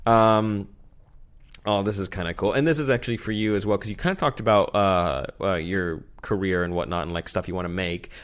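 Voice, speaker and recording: A man's voice: low voice, brisk, clean tone. A man hosting a podcast in casual chat, telling rambling stories and swearing casually. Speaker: podcast host.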